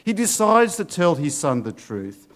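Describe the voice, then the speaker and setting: A man's voice: on the high side, sing-song, a little slow, fairly bright tone. A middle-aged male pastor giving an earnest sermon and asking his listeners rhetorical questions.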